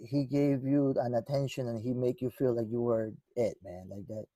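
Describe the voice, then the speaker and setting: A man's voice: medium pitch, fairly even intonation, normal speed, mellow, no room sound. A man guest in an interview, telling stories in a rambling way with many restarts and acted-out dialogue. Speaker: guest musician. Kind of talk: conversational storytelling.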